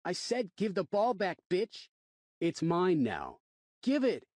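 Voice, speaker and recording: Narrator doing a mouthy schoolkid punk, high and jeering, dry read. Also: male voice, huge pitch swings, slow, a little mellow, dry recording, exaggerated voice. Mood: sneering. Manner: taunting, sneering. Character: mouthy schoolboy bully, rude and sneering.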